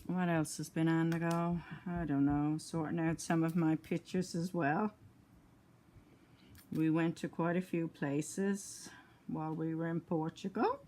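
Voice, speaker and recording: An older woman talks her viewers through a craft project at home. She speaks slowly and a little low, sounding tired between yawns. Her talk is chatty and rambling, and she is picked up by a phone camera. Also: fairly even intonation, darkish tone, slight background noise. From Newfoundland, Canada. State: tired, yawning. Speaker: crafting vlogger. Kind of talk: casual chat while crafting.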